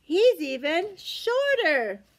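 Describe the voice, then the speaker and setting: Young woman teacher for a children's read-aloud, high voice, unhurried, gasps in wonder at each page. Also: very animated. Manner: gasping, exaggerated, sing-song wonder for young children.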